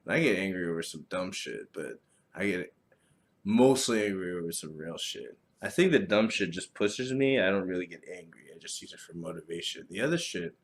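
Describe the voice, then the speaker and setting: A man hosting a solo podcast, talking casually in a profane, rambling, animated way. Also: sits low. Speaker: podcast host.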